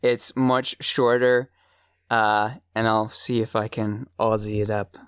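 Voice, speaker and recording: A woman's voice: very deep voice, level tone, slow pace, clear, resonant tone, no echo, clean studio sound. Giggly woman co-hosting a comedy podcast. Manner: giggly, reads reviews aloud with playful attempts at accents. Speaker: podcast co-host. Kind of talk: casual comedic chat.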